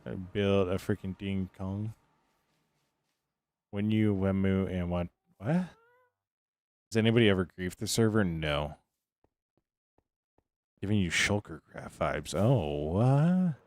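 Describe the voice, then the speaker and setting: Low-voiced man streaming, rambling chat. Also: slow pace, long pauses, darkish tone, dry recording. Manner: rambling, answers chat between remarks. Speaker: game streamer. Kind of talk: casual livestream commentary.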